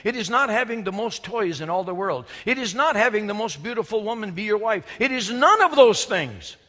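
A man's voice: sits high, long reverb tail. A man preaching an emphatic, storytelling sermon in a church sanctuary. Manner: emphatic, storytelling, shifts from loud to hushed.

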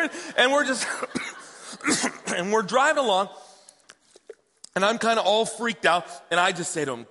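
A man in his thirties preaching a sermon, telling a personal story with hushed and excited swings. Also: sits high, moderate pace. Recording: long hall reverb.

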